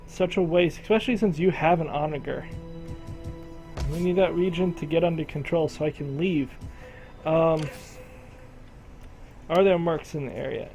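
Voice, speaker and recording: A man's voice: a little high, moderate pace, long pauses, darkish tone, soft background music, poor audio. A man casually commentating a strategy game, thinking aloud and talking to the game's regions as if they were people. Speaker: gameplay commentator.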